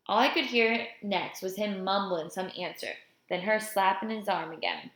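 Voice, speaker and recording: A woman reading a novel aloud, telling the story in the first-person voice of a boy. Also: mid-range voice. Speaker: audiobook reader. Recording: roomy echo.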